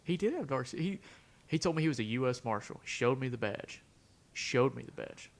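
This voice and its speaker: A man's voice: medium pitch, expressive, a little fast. A young man on a podcast, telling a long story in casual chat and acting out the quotes, dropping "bro" and "dude" often. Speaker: podcast co-host.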